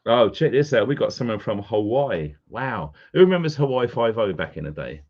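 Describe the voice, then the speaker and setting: A man's voice: mid-range voice, very animated, moderate pace, a little mellow. A man hosting a live stream, casually greeting viewers by name as they join. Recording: dull lo-fi sound.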